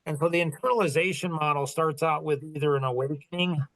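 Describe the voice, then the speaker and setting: A middle-aged man talks through business ideas in a loose, rambling way, full of fillers and restarts. His voice sits a little high for a man. The sound is close and dry, with no room echo. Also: fast, fairly bright tone. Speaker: business coach and podcast host. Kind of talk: casual mentoring chat.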